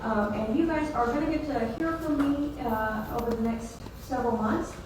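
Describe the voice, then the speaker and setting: A woman's voice: on the high side, normal speed. A woman from Mississippi with a Mississippi Southern accent, giving a friendly, chatty presentation to a live audience. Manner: friendly, chatty, self-deprecating. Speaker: presenter at a meeting. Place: large meeting hall. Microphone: room mic from a distance. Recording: echoey hall from far off, noisy.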